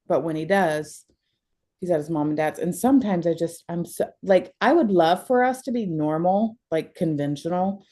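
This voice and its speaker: A woman's voice: fairly low pitch, normal speed, warm tone. A young adult woman talking candidly as a counseling client, emotional and blunt, often breaking into laughter.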